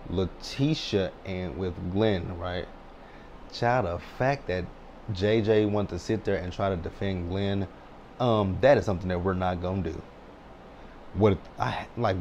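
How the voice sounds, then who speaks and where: A man's voice: low-pitched, darkish tone, a little hiss or hum. A man in his thirties giving a blunt, sassy, chatty recap of a reality show. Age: 30s. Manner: sassy, blunt, chatty with frequent "child" and "right?". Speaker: TV recap host.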